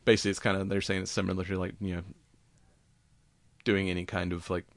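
Man, casual podcast co-host, low-ish voice, dry close sound, rambling with fillers and swearing. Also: little pitch movement, fast, no room sound. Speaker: podcast co-host reading science news.

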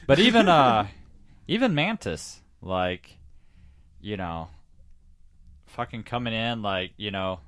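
Man, podcast co-host, low voice, lively pitch, loose banter, swearing. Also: slow pace. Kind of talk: casual chat.

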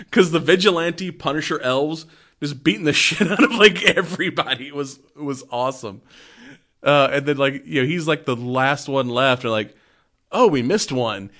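A man's voice: fairly high pitch, moderate pace, pushed and bright. Rambling, chatty man recapping a film. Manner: rambling, filler-heavy storytelling. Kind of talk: casual movie recap chat.

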